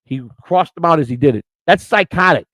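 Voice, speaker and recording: Middle-aged man, podcast host, rapid-fire delivery, dry close sound, blunt and emotional. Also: fairly high pitch, lively intonation, fairly bright tone, no echo, poor audio. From Chicago. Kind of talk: personal life storytelling.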